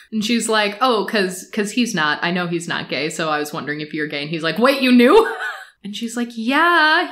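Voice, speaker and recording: Animated woman recapping a show. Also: medium pitch. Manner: animated, laughing, acts out quotes in voices. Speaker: podcast co-host. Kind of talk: casual chat recapping a show.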